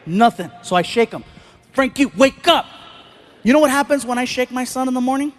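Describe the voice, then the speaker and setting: A man doing animated stand-up storytelling on a live stage, throwing in sound effects. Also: very high-pitched, fast. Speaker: stand-up comedian.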